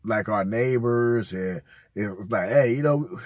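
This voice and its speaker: A man with a lowish voice, the host of his own channel, tells casual, rambling stories packed with slang and profanity. He speaks unhurriedly, and the studio-quality audio has no echo.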